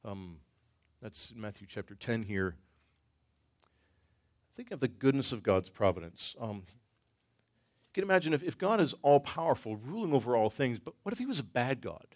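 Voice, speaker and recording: A man leads a church Bible study, working through his points slowly and thinking aloud. He restarts phrases often and fills gaps with soft ums. His pitch sits in an ordinary middle range for a man. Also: big pitch swings. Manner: thoughtful, halting, with frequent ums and restarts. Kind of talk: teaching a church class with discussion.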